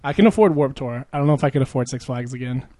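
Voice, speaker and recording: A man's voice: mid-range voice, animated, rapid-fire, mellow, slight background noise. A young man chatting casually with a friend, rambling, swearing a lot and laughing often. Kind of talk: casual chat.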